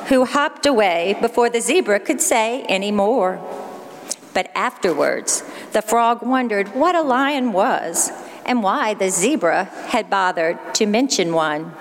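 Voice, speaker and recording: Measured woman preacher, unhurried sermon storytelling; reverberant church. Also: mid-range voice.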